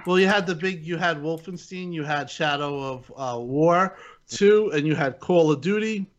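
Rambling man on dull lo-fi audio. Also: fairly high pitch. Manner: rambling, halting, restarts often. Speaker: podcast co-host. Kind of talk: casual gaming panel chat.

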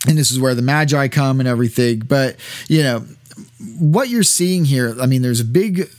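A man's voice: medium pitch, lively intonation, normal speed, darkish tone, no room sound, clean studio sound. A man teaching, reading a text aloud and commenting in a hesitant way, with many fillers and restarts.

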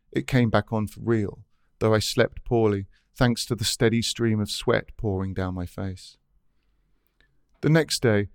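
A man's voice: fairly low pitch, dry recording. A man reading his own essay aloud in a dry, wry, scripted narration.

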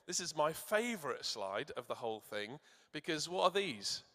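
A man preaching in a church, warmly encouraging and asking the children to call out answers. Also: fairly high pitch, big pitch swings, normal speed, big-room sound. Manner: encouraging, asks the audience to shout answers. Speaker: church speaker. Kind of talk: sermon with questions to children.

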